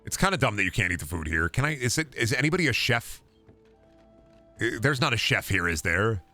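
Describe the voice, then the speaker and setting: A man streaming a video game, chatting casually and profanely with his viewers in an animated way. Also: mid-range voice, brisk, soft background music. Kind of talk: casual gaming stream commentary.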